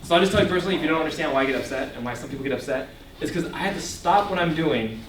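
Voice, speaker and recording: A young man with a fairly high voice gives an animated teaching talk, quizzing his listeners and laughing often. He sounds set back from the mic in an echoey room, with a faint hum of ambience behind him. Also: very fast, distant mic. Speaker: ministry speaker. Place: echoey room before a live audience. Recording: echoey room, voice picked up from afar.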